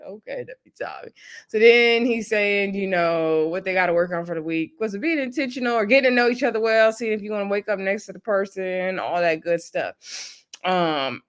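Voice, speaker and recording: A woman, recapping a reality dating show in a casual, chatty way, laughing often and acting out what people said. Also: mid-range voice. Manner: chatty, laughs often, acts out quotes in quick asides.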